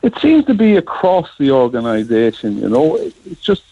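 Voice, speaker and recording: An Irish man taking part in a radio phone interview, speaking in a measured way and searching for words as he goes. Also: mid-range voice, huge pitch swings, warm tone, husky, dull audio.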